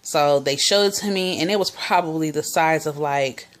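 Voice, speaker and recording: Young woman, low voice, chatty vlogger storytelling, lots of "like" and "um". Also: normal speed. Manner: chatty, many fillers and quoted dialogue. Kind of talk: casual personal storytelling.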